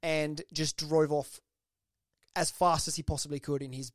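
A man's voice: a little high, dry recording, studio quality. A man chatting casually on a podcast, telling stories with lots of swearing. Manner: fast, animated storytelling with heavy swearing. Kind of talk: casual chat.

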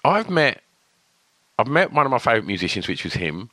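A man's voice: medium pitch, big pitch swings, brisk, bright, forceful tone. A man, hosting a casual podcast interview, talking chattily with swearing and laughs. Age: 40s. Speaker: podcast host.

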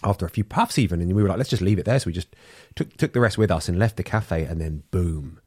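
A man's voice: low voice, fast, a little mellow, breathy edge, no echo, studio quality. A man co-hosting a podcast, telling rambling stories in casual chat with many restarts. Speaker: podcast co-host.

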